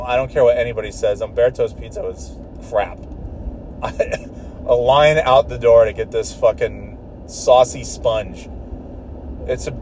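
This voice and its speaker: Man, in a car, mellow dark voice, rambling profane rant, restarts sentences. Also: mid-range voice, a little hiss or hum.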